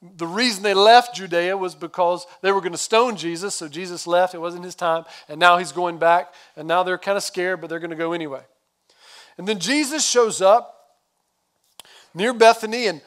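A male pastor giving a sermon, retelling the story in a casual, conversational way with quick asides. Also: high-pitched, a bit bright.

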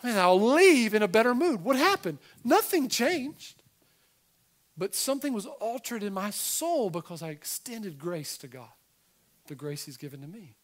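A man in middle age delivering a sermon with animated emphasis, stopping for casual asides to the people in front of him. His voice sits high for a man. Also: moderate pace. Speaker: pastor.

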